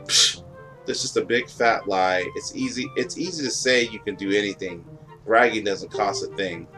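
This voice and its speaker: A man's voice: on the low side, normal speed, sharp tone, rough recording. A man reading as a sulky young bird prince. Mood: scornful. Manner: petulant, proud, defensive. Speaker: game dialogue reader. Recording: game music underneath.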